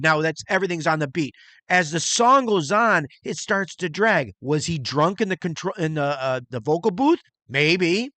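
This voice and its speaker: Middle-aged dude rambling on his channel, crude and loose, bright punchy voice, dry close sound. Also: on the high side, expressive, moderate pace, no room sound. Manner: rambling and crude, imitates beats with mouth sounds. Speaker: channel host reviewing music and movies. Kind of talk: casual solo vlog talk.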